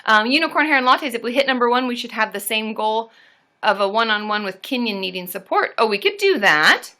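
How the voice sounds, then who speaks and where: A woman hosting a live stream as a therapist, chatting casually and getting loud and excitable as she cheers. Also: on the high side, a little fast.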